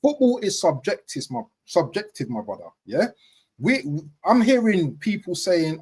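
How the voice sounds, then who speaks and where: A man hosting a casual football podcast, talking with animated emphasis and repeating his points. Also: on the high side, unhurried, breathy edge. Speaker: podcast host.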